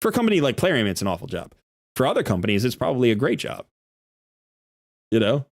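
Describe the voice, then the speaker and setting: A man's voice: medium pitch, big pitch swings, quick pace, no room sound, clean studio sound. A male game streamer in a live stream, making an argumentative case with worked examples.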